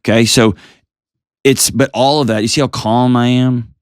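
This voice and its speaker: A middle-aged American man hosting an advice call-in show, talking in a calm, earnest coaching way full of rhetorical questions. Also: mid-range voice, moderate pace, smooth, no room sound, studio quality. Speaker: host giving advice.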